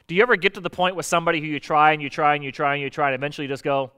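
Male preacher, slightly high and smooth voice, chatty sermon delivery that slips into quoted voices. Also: rapid-fire, hardly any pauses. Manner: conversational and lively, acting out quoted voices; explaining Bible verses with everyday examples.

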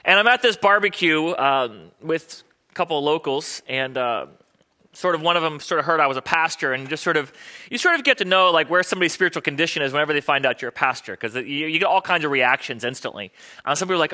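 Male pastor, middle-aged, quick and bright, storytelling sermon delivery. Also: fairly high pitch, lively intonation. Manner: chatty, storytelling, quotes people in voices. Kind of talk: sermon with personal stories.

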